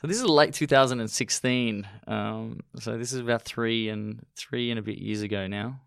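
A young man with an Australian accent, a guest telling his story in a casual interview, chatty and quick to laugh. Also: mid-range voice, creaky, a bit bright, clean tone, no room sound, studio quality. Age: young adult. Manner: chatty, laughs often, many restarts.

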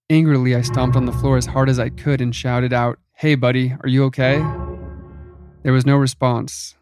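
A man giving a scripted horror story narration in an even, measured reading. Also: mid-range voice, vocal fry, dry recording, clean studio sound.

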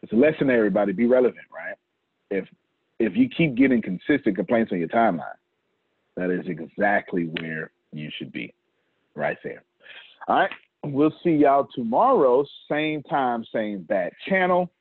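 Husky-voiced man on a tinny line. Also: medium pitch, sing-song, normal speed, no room sound. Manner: laughing, joking, repeats himself. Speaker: host leading a team meeting. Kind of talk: casual business meeting talk.

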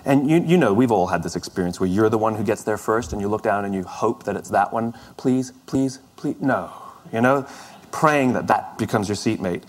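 Telling a story, this middle-aged man speaks briskly and animatedly in a lowish voice. He's conversational and pokes fun at himself, often breaking off to restart a sentence.

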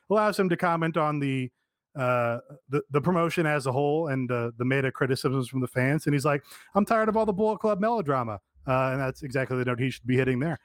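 A man in casual podcast chat who gets excited, swears, and acts out bits. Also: medium pitch, no echo, studio quality. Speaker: podcast co-host.

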